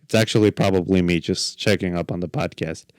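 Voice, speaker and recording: A man's voice: low-pitched, steady tone, a little fast, darkish tone, no room sound, studio quality. A man in his twenties hosting a podcast solo, rambling casually with lots of fillers and jokes. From Mexico. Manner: rambling, filler-heavy, joking. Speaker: podcast host.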